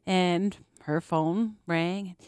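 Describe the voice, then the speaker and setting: A woman's voice: on the low side, drawn-out words, clear, resonant tone, no echo, clean studio sound. A young adult woman co-hosting a casual chat, telling a story with lots of laughter and acted-out quotes. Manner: animated storyteller, laughs often, acts out quotes. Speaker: podcast co-host.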